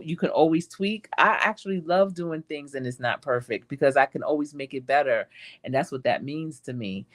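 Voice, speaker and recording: Woman chatting on her stream, encouraging and reflective, acts out little quotes. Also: a bass voice. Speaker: host. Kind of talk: casual live-stream chat.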